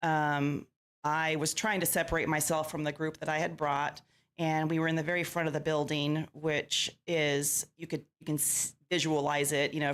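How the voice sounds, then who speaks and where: A woman who investigates ghosts, a guest on an interview show, telling her stories in a lively way and acting out the lines people said. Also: deep voice. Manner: lively storyteller who acts out quoted lines. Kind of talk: casual interview storytelling.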